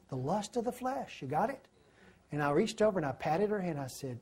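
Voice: mid-range voice, sing-song, brisk, warm tone, husky. Preacher, storytelling sermon, keeps asking the congregation "you got it?". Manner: storytelling, asks the listeners questions.

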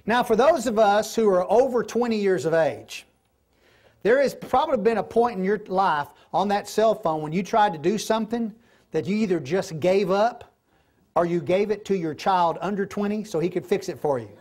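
A man's voice: high-pitched, animated, normal speed, a little mellow. Folksy middle-aged male Bible teacher, conversational, recorded in class. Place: classroom or church hall.

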